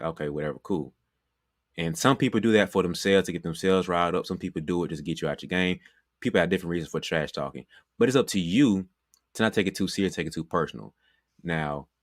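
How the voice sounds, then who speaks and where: In a low-pitched, fairly bright voice, a basketball trainer gives a motivational talk that stays conversational and repetitive, with "you know" cropping up often. No echo, studio-quality recording.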